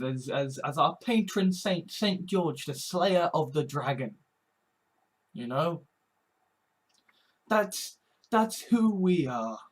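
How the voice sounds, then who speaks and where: A man from Britain, talking earnestly in a halting personal monologue, repeating words and swearing often. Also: sits high, low-quality recording. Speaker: vlogger. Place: home.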